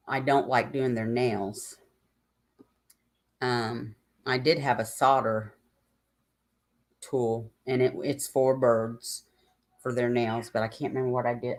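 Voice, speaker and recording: A channel host in casual livestream chat, talking in a rambling, chatty way with many fillers and asides. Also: medium pitch.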